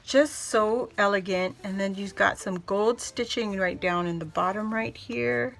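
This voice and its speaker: A woman hosts a casual crafting vlog, gushing over a handmade gift and squealing with delight at the details. She talks to her viewers in an easy, unhurried way, her voice at a middle pitch. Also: gravelly. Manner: gushing, excitable, squeals and laughs often; addresses viewers as "guys". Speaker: crafting video host.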